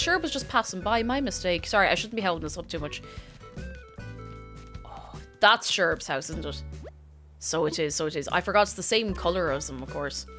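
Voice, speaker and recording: A woman streaming a video game, chatting casually and gushing, often dropping into excited whispers. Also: fairly low pitch.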